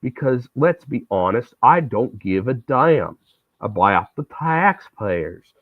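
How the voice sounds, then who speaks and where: A man putting on a parody voice of a stiff male presidential candidate, speaking slowly and deliberately. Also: medium pitch, sing-song, no echo, full character voice. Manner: slow, deliberate, wooden parody speech. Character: stiff middle-aged male presidential candidate, wooden and slow. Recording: tinny, phone-like, dry sound.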